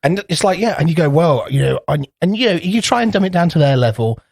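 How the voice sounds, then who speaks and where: A man's voice: fairly high pitch, expressive, fast talker, gravelly, a little mellow, dry recording, clean studio sound. A man co-hosting a podcast in casual chat, rambling through anecdotes, swearing freely and acting out little voices. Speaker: podcast co-host.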